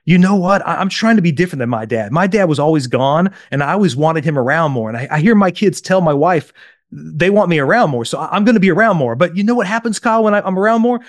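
A man's voice: a little high, quick pace, no room sound, close to an everyday voice. A man voicing a frustrated, hardworking middle-aged father who stammers through earnest restarts.

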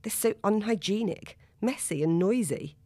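A woman's voice: medium pitch, expressive, normal speed, warm tone, no room sound, studio quality, voice pushed up, lightly acted. A woman reading aloud and voicing a prim, judgmental young mother. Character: snobbish, fussy young mother.

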